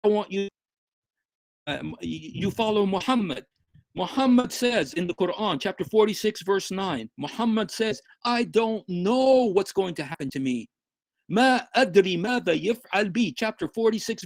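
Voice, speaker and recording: Fast, high-voiced man preaching in a dry room. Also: no room sound. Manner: switches between English and Arabic, emphatic and repetitive. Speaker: Christian broadcaster answering commenters. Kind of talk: direct-to-camera preaching address.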